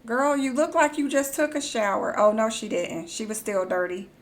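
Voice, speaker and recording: A young woman live-streaming, chatting casually and reacting excitedly, gasping and squealing, then muttering quietly to herself. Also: a little high, normal speed.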